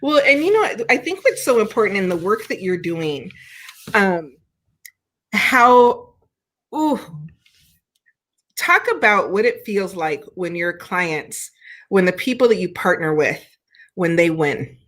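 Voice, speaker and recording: A woman's voice: medium pitch, sing-song, takes it slowly, pauses often, fairly bright tone. A woman hosting a casual interview, encouraging her guest and using many fillers. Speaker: host.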